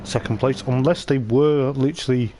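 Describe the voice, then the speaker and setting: Warm in tone and mid-range in pitch, a man speaks at an ordinary speed with fairly even intonation while giving chatty, digressive live commentary on an online racing league event. Clear race car engine noise from the game sits behind his voice.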